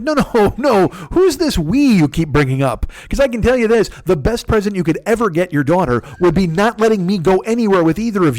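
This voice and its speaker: Here a man in his forties with a high-sitting, somewhat mellow voice hosts a podcast alone. Into a close mic with no room sound, he rambles through a profane, self-deprecating funny story.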